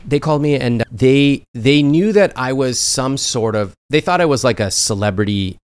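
A man's voice: mid-range voice, animated, normal speed, clean tone, dry recording. A man who is a personal finance author, a guest on a podcast, speaking bluntly and with some profanity while acting out the voices of people he quotes. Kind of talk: animated podcast conversation.

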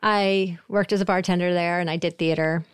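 A woman's voice: on the low side, steady tone, normal speed, clean tone, no echo, studio quality. Candid, salty woman from upstate New York. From Syracuse, New York. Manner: candid, self-deprecating, profane humor. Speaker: guest. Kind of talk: casual interview chat.

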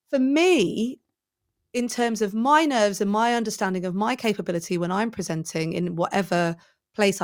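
A woman telling a self-deprecating anecdote in a casual, animated chat. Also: medium pitch, no room sound, clean studio sound.

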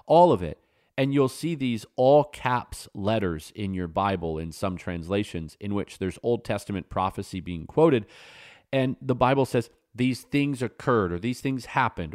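Guy preaching a sermon, earnest and emphatic, lowish voice, dry close mic. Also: darkish tone, no room sound. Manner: earnest, emphatic, with sudden rises in pitch. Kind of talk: sermon-style teaching.

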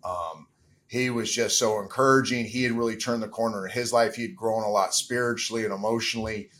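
A man's voice: lowish voice, fairly even intonation, a little fast, fairly bright tone. A middle-aged man, a podcast guest, telling a personal story candidly and with emotion, as if holding back tears. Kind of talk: interview.

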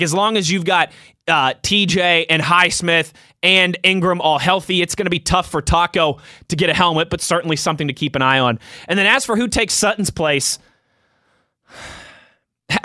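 A man's voice: sits high, sharp tone, dry recording, studio quality. A young man hosting a sports talk show, chatting loosely and reading out listener tweets, laughing easily. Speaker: sports podcast host.

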